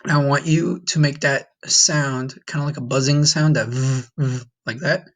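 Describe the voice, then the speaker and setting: A man's voice: fairly high pitch, fairly even intonation, normal speed, fairly bright tone. A man teaching a recorded Spanish lesson, patiently repeating each sound and encouraging the listener.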